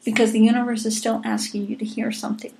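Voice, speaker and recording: A woman's voice: fairly high pitch, flat delivery, fast talker, creaky, mellow. A woman hosting a podcast, chatting earnestly and encouragingly, often repeating her words. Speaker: podcast host. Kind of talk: casual chat.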